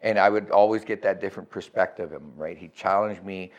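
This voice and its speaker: A man's voice: low voice, fairly quick, highs cut off. A middle-aged man telling his recovery story as a guest, candid and profane, often checking in with "right?".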